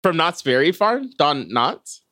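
A woman's voice: deep voice, sing-song, a little slow, a bit bright, dry recording. A woman with a wildly swooping voice fires off playful, jokey questions on a casual comedy podcast. She swears offhandedly. The recording is dry and close, with no room sound. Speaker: podcast co-host.

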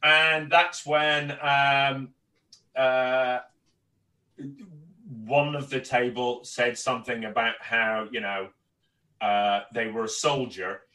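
A man's voice: medium pitch, flat delivery, slow pace, bright, forceful tone, far from the mic, rough recording. A man with a Northern Irish accent, a comedian chatting on a podcast and telling stories, rambling with stammered restarts and plenty of swearing. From Northern Ireland. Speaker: guest comedian. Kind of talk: casual podcast chat.

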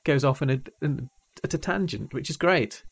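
A man's voice: medium pitch, normal speed, creaky, breathy edge. Man podcast host, mid-range voice, thoughtful, dry asides. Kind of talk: casual chat about a TV series.

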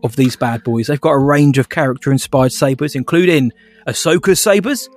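A man's voice: mid-range voice, normal speed. A man co-hosting a podcast, chatting casually and laughing easily. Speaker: podcast co-host. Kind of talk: casual chat, reading a sponsor spot.

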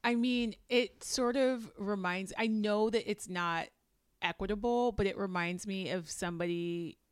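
A woman's voice: medium pitch, smooth, no echo. Chatty woman co-host, dry close sound. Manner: chatty, agreeable, quick to laugh. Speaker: podcast co-host. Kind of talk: casual recap chat.

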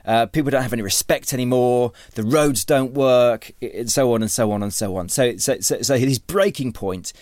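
A man's voice: medium pitch, moderate pace, hardly any pauses, a little mellow, no echo, clean studio sound. Rambling man explaining story craft. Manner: rambling, many restarts and repeated words. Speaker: author and writing teacher. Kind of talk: conversational interview.

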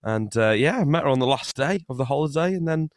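Young man, English accent, relaxed rambling interview guest; dry sound. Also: medium pitch, fast, dry recording. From Scotland. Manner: chatty, laughs often, rambling restarts. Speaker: musician guest. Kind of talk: casual interview chat.

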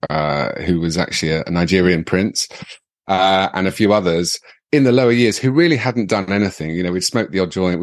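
A man's voice: low voice, no room sound, studio quality. An English man in his forties telling a personal story on a podcast, rambling with many fillers and restarts and laughing often. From England. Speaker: podcast guest. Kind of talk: casual storytelling.

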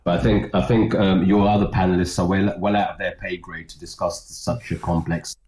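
A man's voice: deep voice, level tone, fairly quick, echoey room, a crowd in the background. A man from England calling into a casual chat over a speakerphone from his home office, teasing the others. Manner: teasing, calls others sister. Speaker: podcast guest on phone. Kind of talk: casual banter. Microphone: phone on speakerphone.

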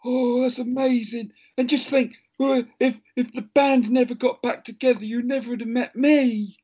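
Deadpan, teasing co-host, mid pitch, slightly dull sound. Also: male voice, moderate pace, husky. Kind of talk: casual chat.

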